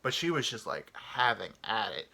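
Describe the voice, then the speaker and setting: A man hosting a comedy podcast, telling a travel story in a rambling, swearing, animated way. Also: mid-range voice, moderate pace, vocal fry. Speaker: podcast host.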